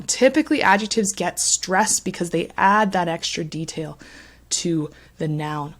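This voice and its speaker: Woman English teacher, slightly low voice, deliberate delivery that hits stressed words hard. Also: animated. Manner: clear, deliberate, stresses words strongly when modeling. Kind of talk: pronunciation lesson.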